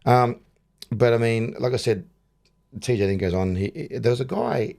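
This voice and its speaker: A man's voice: medium pitch, moderate pace, gravelly, darkish tone. A middle-aged man with an Australian accent, a boxing coach chatting in an interview, rambling and restarting his sentences. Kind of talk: casual interview chat.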